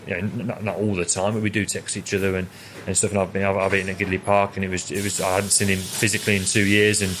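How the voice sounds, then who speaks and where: A man's voice: low voice, little pitch movement, fast, hardly any pauses, a bit bright, slight background noise. A young man, a head chef, chatting casually as an interview guest and telling rambling stories full of repeated words.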